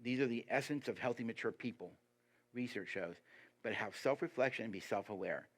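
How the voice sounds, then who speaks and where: A man giving a sermon as a guest preacher, lively and emphatic, putting rhetorical questions to the congregation. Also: fairly quick. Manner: lively and emphatic, pitch rising on key points.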